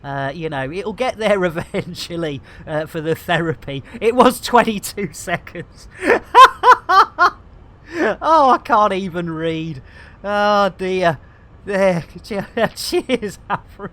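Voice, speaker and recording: A woman's voice: medium pitch, animated, slow, sharp tone. A woman hosting a live game stream, rambling in a jokey, self-mocking and theatrical way.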